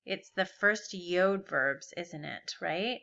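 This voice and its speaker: A woman's voice: on the low side, takes it slowly, gravelly, bright, forceful tone, muffled recording. A woman teaching a recorded grammar lesson, patiently walking through verb forms step by step and asking rhetorical questions. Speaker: Biblical Hebrew teacher.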